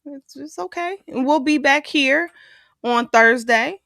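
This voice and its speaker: A woman's voice: high voice, a little slow, creaky, a bit bright, no echo. Dry-voiced woman reading viewer chats. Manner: reads viewer super chats aloud and responds chattily. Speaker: co-host. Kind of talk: casual podcast chat, reading viewer comments.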